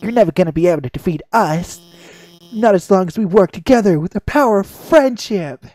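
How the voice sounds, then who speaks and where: An awkward female scientist blurts out rescue plans in an excited rush. The voice is mellow and lively in pitch, with faint game music behind, as a gamer voices her. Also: a little fast, natural voice.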